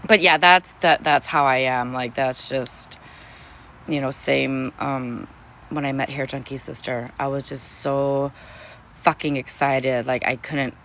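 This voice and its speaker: A woman's voice: very deep voice, fairly even intonation, unhurried, a bit bright, a little hiss or hum. A woman chatting casually on a livestream, effusive and gushing, swearing constantly as she talks. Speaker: streamer.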